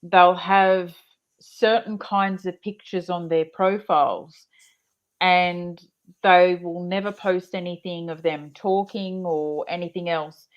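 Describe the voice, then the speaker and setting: Slow, lower-voiced woman giving advice. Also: fairly even intonation. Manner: advising, down-to-earth. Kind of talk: casual chat on a live stream. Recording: dull lo-fi stream audio.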